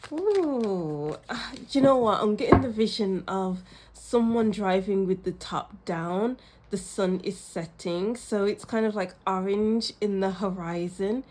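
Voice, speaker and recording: A woman's voice: mid-range voice, darkish tone, slight background noise. A woman talks her viewers through a tarot spread in a loose, chatty way. She keeps exclaiming and laughing in bursts between her thoughts, sounding a little tired and under the weather but buoyed up. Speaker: tarot reader. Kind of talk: intuitive tarot reading to camera.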